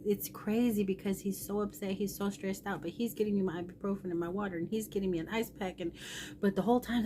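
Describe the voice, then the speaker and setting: A woman's voice: mid-range voice, darkish tone, a little hiss or hum. A middle-aged woman vlogger telling a personal story in a candid, rambling, emotional way.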